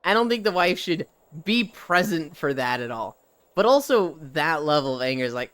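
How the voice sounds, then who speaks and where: A live streamer chatting casually while walking on a treadmill, reading chat aloud and telling stories with lively animation. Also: medium pitch, normal speed, clear, resonant tone, no room sound. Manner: reads chat aloud and riffs, animated storytelling.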